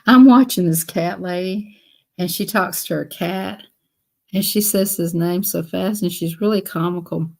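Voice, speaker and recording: A woman's voice: on the low side, unhurried, gravelly, a little mellow. A woman hosting a casual live stream, chatting in a rambling, repetitive way. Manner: rambling, chatty, repeats herself.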